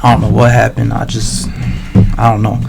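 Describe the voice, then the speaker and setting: Rambling slangy male streamer, gravelly. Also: lowish voice, completely flat delivery, moderate pace, very noisy. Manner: rambling, slangy, swears a lot, many restarts. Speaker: livestreamer. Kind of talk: casual rambling monologue.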